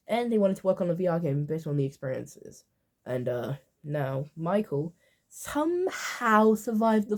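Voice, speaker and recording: A woman YouTuber talking in loose, casual commentary. She drifts into offhand asides and fills pauses with ums and uhs. Her voice sits a little low and sounds soft and mellow. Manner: rambling, full of fillers and offhand asides.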